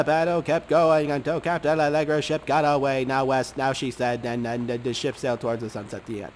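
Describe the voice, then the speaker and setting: A man's voice: mid-range voice, fairly even intonation, fairly quick, hardly any pauses, a little hiss or hum. Offhand, foul-mouthed man playing a game. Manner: crude, offhand muttering and humming. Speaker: game commentator. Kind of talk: casual gameplay commentary.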